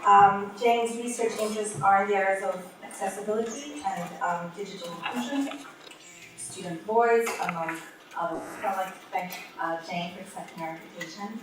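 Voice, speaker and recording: A woman's voice: mid-range voice, normal speed. Woman chair opening the session, heard from far off in a reverberant hall. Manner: brief, with fillers. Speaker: conference chair. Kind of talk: introducing a speaker. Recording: roomy, distant mic, noisy.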